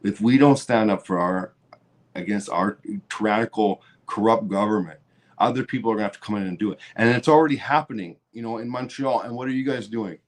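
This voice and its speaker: A Canadian livestream host with a lowish voice talks fairly fast through an angry political rant. He curses heavily and sometimes mocks people by adopting sarcastic voices.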